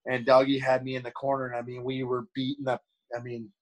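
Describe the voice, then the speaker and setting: A man's voice: medium pitch, monotone, fast talker, poor audio. A middle-aged man, a former pro hockey player, telling candid stories in a rambling way, full of restarts and fillers. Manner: candid, acts out quoted voices. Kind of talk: casual storytelling.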